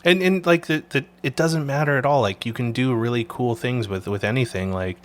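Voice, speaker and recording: A man from Canada hosting a casual photography chat, telling animated stories and swearing freely. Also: medium pitch, brisk. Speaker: podcast host.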